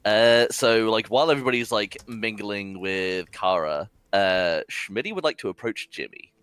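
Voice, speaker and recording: A man playing a tabletop game, talking casually with halting fillers. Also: fairly low pitch, animated, fairly bright tone, smooth, dry recording. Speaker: player.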